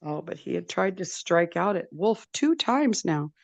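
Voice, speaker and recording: A woman storyteller telling a traditional tale in a slow, deliberate, repetitive way. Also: lowish voice, very animated, gravelly, no echo, dull audio. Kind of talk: oral storytelling.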